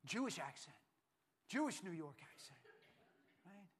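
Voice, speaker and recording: A pastor preaching a sermon, emphatic and repetitive, swinging from hushed lines to loud ones. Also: male voice, high voice, animated, normal speed.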